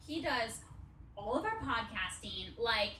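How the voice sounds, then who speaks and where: Animated, fiery woman at a live show. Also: a little high, measured pace. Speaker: podcast co-host. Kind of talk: live podcast banter. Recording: roomy, distant live-show audio with crowd.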